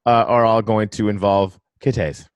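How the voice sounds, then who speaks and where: A man hosting a casual online chat, laid-back and quick to laugh, with stumbling restarts. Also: fairly low pitch, steady tone, clean tone, dry recording.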